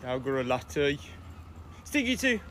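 A man's voice: medium pitch, big pitch swings, a little slow, a bit bright, slight background noise. A man hosting a casual livestream outdoors, chatting and greeting viewers by name. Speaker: livestream host. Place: outdoors in sunshine.

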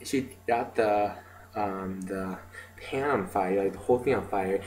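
A man's voice: low-pitched, unhurried, darkish tone, slight background noise, poor audio. Rambling man in a casual video diary. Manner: rambling, filler-heavy storytelling with many "like" and "um". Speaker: video diarist.

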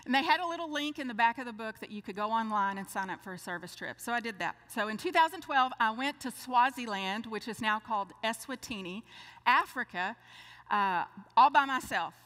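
An older woman preaching a sermon, telling a lively story and acting out the dialogue. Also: a little high, fairly quick. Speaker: speaker. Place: church. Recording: long church hall reverb.

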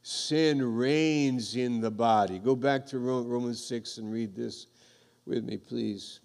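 A male preacher with a gravelly, creaky voice delivers a sermon at an unhurried, deliberate pace. He reads scripture aloud and presses his points home with rising emphasis. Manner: preaches emphatically, swelling louder at high points. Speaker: pastor.

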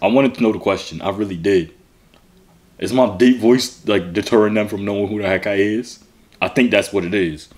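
A man's voice: on the low side, fairly quick. A young man hosting a casual vlog who talks with strangers in a playful, teasing, joking way. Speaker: YouTuber and video chat app host.

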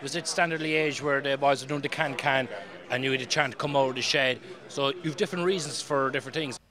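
A man, a football supporter weighing up games in a measured, analytical way. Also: mid-range voice, fairly even intonation. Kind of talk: interview. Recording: outdoors with a crowd behind.

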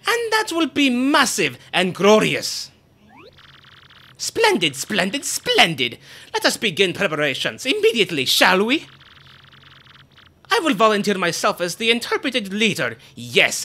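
Brief: man doing a vain, grandiose rich captain, lively swooping higher voice, bright tone, faint game music behind. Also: heavily acted. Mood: boastful. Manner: grandiose, theatrical, self-admiring. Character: pompous boastful rich male sailor-merchant. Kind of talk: reading game dialogue aloud.

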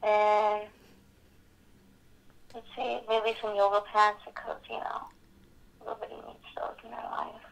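Young woman on a phone call, blunt and rambly, fry-ish voice. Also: mid-range voice, level tone, unhurried, long pauses. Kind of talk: casual phone chat.

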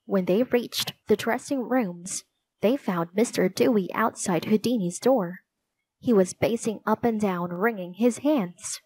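A woman reading a children's chapter book aloud with clear, deliberate storytelling. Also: medium pitch, a little mellow, dry recording, low-quality recording. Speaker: narrator.

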